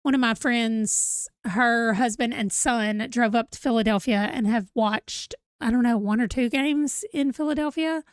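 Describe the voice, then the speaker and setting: A chatty woman hosts a casual livestream. She rambles, reads viewer comments aloud, and sounds a little tired. Her voice sits a bit high, recorded close and dry. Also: unhurried, few pauses, clear, resonant tone, dry recording. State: yawning, tired. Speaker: livestream host.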